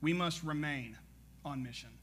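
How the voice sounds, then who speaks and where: A man preaching a sermon as pastor, energetic and conversational, with frequent asides to the congregation. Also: fairly high pitch, moderate pace, a little hiss or hum.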